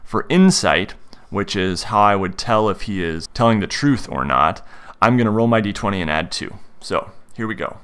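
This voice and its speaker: A man's voice: fairly low pitch, lively intonation, normal speed, a bit bright, clean tone. A man hosting a tutorial, explaining how to play a tabletop game and acting out his character. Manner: explanatory, plays his character in first person. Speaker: game master and tutorial host.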